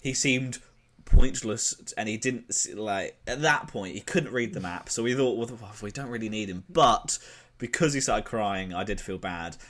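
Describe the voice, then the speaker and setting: A British man with a lowish, fairly bright voice talks at normal speed as co-host of a comedy podcast. In this casual improvised chat, he rambles through a made-up adventure, swearing and correcting himself as he goes.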